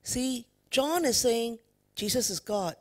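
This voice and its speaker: This woman preacher's voice is fairly high yet darkish in tone, expressive and slow. She delivers an emphatic sermon in a church service, questioning the congregation and using "you know" as a filler.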